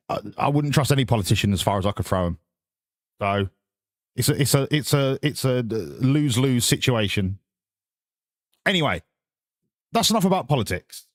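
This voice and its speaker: A man's voice: mid-range voice, dry recording, studio quality. A man, chatting casually with his viewers on a live stream in sarcastic, sweary, mock-lecturing rants.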